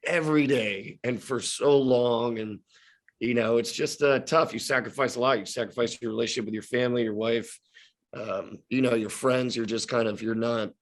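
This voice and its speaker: Reflective man in his thirties, halting. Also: mid-range voice, fairly even intonation. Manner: reflective, halting, many restarts and hedges. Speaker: guest actor. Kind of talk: casual podcast interview.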